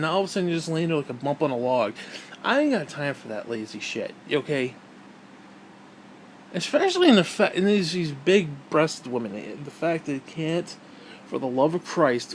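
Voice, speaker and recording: A man delivers a profane, bitter rant, stumbling over restarts as he goes. His voice sits a little high and swings widely in pitch. A faint background hiss runs under the recording. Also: big pitch swings, fairly quick. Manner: crude, bitter, rambling with restarts. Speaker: vlog host.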